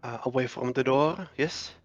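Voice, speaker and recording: A man playing at a tabletop game, planning hesitantly in a halting way. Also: medium pitch, lo-fi sound, faint music behind. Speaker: player. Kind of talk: casual tabletop play.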